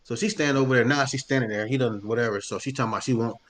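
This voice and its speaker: Quick bright-voiced guy, telling a wild story on a podcast, swearing a lot, doing all the voices. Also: mid-range voice, slight background noise. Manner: animated storyteller, heavy profanity, acts out voices. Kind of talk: casual storytelling chat.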